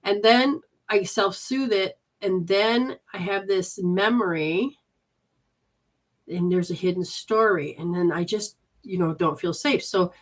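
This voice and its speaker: A woman's voice: medium pitch, a little slow. Rambling woman giving live readings. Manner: rambling, many restarts, switches into quoted voices. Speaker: intuitive healer giving readings to viewers. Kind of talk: live reading session, casual talk.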